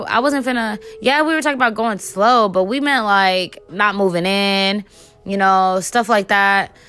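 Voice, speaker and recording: A woman's voice: mid-range voice, a bit bright, clear, resonant tone. A young woman hosting a podcast, telling a story in a loose, profane, filler-heavy chat. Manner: chatty, profane, lots of fillers. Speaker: podcast host. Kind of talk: casual storytelling monologue.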